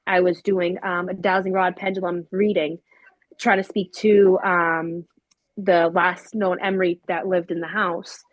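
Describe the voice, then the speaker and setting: A woman telling her paranormal investigation experiences in a casual, animated way, with many fillers. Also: fairly low pitch, measured pace, no echo, muffled recording. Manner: animated, acts out quoted voices with many fillers. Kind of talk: casual storytelling.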